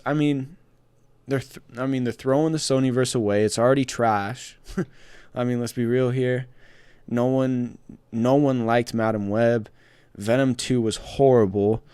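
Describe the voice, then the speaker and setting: A man's voice: medium pitch, a little mellow, no room sound. A young adult man hosting a casual movie news commentary, chatty and rambling with many restarts and asides. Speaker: pop culture show host.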